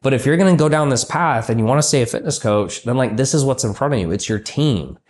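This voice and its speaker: A man's voice: mid-range voice, lively intonation, fast, a little mellow. A man coaching a business owner in a blunt, profane, ranting way.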